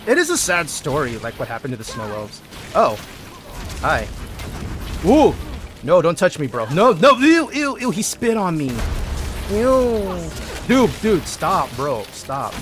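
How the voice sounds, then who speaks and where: A male streamer joking, swearing and talking to his game allies as he gives live gameplay commentary. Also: fairly high pitch.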